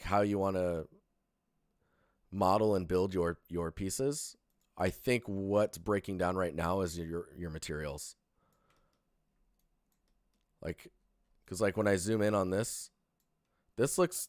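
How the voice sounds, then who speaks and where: Deep-voiced sleepy male streamer. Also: dry recording, clean studio sound. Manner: relaxed, rambling, many fillers and restarts. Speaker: streamer reviewing portfolios. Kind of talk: casual live-stream critique.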